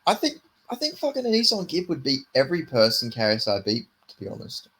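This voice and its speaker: A man's voice: mid-range voice, wildly swooping pitch, fast, a bit bright, a little hiss or hum. A man with a British accent co-hosting a casual podcast chat, easygoing and swearing freely. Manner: laid-back, sweary. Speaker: podcast co-host.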